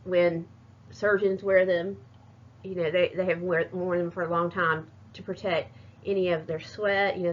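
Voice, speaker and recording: A woman's voice: fairly low pitch, a little hiss or hum. A woman giving a recorded class presentation, hesitant and full of fillers and restarts. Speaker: student presenter. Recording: muffled lo-fi recording.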